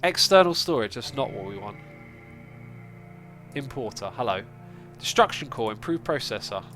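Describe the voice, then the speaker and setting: A man's voice: mid-range voice, animated, normal speed, a bit bright, soft background music. A man with a stuffy, congested nose hosting a casual gaming livestream, chatting and thinking aloud as he plays. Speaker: livestream host.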